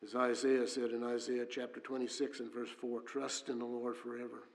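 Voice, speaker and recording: A man's voice: mid-range voice, level tone, moderate pace, gravelly. A man preaching a sermon with earnest delivery, reading scripture aloud and often restarting with fillers. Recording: long hall reverb.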